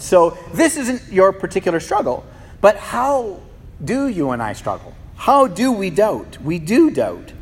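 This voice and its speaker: A man's voice: on the high side, breathy edge. A male pastor giving an impassioned sermon in a church, often repeating words as he builds a point. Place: church sanctuary. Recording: reverberant hall.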